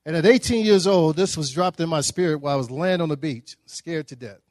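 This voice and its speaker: Guy telling stories at a breakfast talk, slightly high voice, folksy and lively, dry close sound. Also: a little fast, dry recording. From Dallas, Texas. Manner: animated, folksy storytelling with acted-out quotes. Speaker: guest speaker. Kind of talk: storytelling speech at a breakfast.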